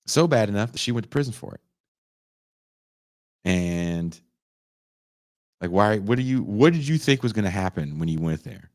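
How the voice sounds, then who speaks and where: A man in his forties casually reviewing a film, profane and animated, acting out the characters' lines. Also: on the low side, normal speed, long pauses, no echo, studio quality. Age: 40s. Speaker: podcast host reviewing a film.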